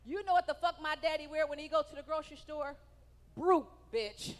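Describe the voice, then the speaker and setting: With a high-pitched voice, a steady tone and fast delivery, a woman works a stand-up set on a large hall's comedy stage. She's brash and profane and teases the audience. The live recording carries long hall reverb.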